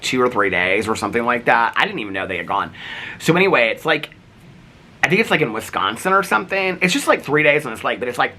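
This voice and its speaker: A man vlogging, telling neighborhood stories in a rambling, animated way full of fillers. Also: mid-range voice, breathy edge. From United States. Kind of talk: casual storytelling.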